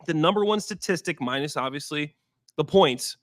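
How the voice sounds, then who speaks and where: Relaxed yet forceful, a former NFL player in his thirties appears as a guest to analyze recent games, repeating key ideas for emphasis. The close, dry recording has no room sound, and his voice sits high for a man at a moderate speed.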